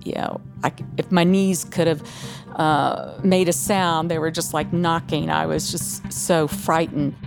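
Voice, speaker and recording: A woman recalling her own memory in an interview, speaking in a quiet, halting way. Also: deep voice, level tone, vocal fry, over music. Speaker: interview guest.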